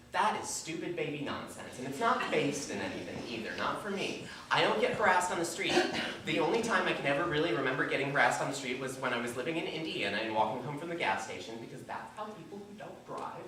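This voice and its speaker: A woman comedian performing live stand-up with self-deprecating, animated delivery at a small venue. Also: low voice, a little fast. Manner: self-deprecating, animated, lots of put-on voices. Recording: echoey live room, distant mic, noisy.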